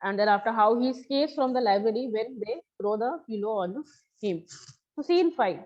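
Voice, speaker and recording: A woman's voice: a little high, expressive, moderate pace. Woman teacher explaining. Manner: explanatory, repeats and paraphrases lines. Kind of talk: explaining a story to a class. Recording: slightly dull lo-fi recording.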